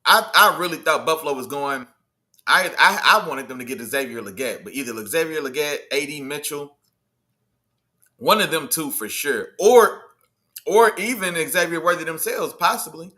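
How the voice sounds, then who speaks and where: A high-pitched man hosts a casual sports livestream. He talks in loose slang and banters with his chat. His voice is very bright and forceful. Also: lively intonation, moderate pace. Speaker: livestream host.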